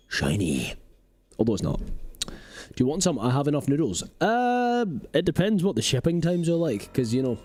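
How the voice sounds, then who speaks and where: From a home streaming setup in rural Scotland, this man keeps up casual live-stream chat while playing a game. He jokes with his viewers and slips into silly voices, his tone dark and his pitch mid-range.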